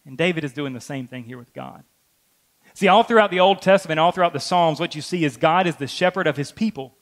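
A man's voice: a little high, quick pace. A middle-aged man preaching a sermon, earnest, repeating key phrases for emphasis. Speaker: pastor.

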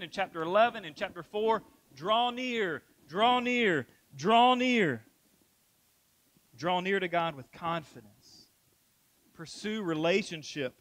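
High-voiced man preaching a sermon. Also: fairly bright tone, low-quality recording. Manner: emphatic preaching with repetition and rhetorical questions. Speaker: pastor. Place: church.

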